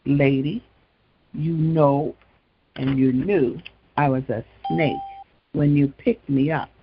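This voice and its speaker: A cold, old, injured snake pleads for help in a higher, whiny voice, as a man puts him on. The voice drags slowly with a gravelly edge and sounds dull and lo-fi. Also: slight background noise. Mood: sly. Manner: begging, whiny.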